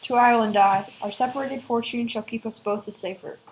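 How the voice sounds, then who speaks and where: A frightened young prince, played by a woman in a school play who speaks in a hushed, wary recitation. The voice sits somewhat high, over faint ambient noise. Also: steady tone, brisk, close to an everyday voice, rough recording.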